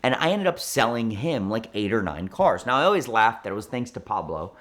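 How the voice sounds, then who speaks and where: A man in his thirties, a car dealer, telling a story with lively restarts and acted-out dialogue. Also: lowish voice, a little fast. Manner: animated, many restarts and quoted dialogue. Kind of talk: storytelling interview.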